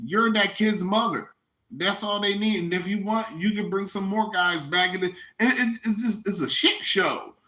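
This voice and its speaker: A man's voice: high-pitched, moderate pace. A man hosting a podcast, ranting in a casual, comedic, and profane way. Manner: animated, profane, mocking. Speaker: podcast host. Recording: echoey room.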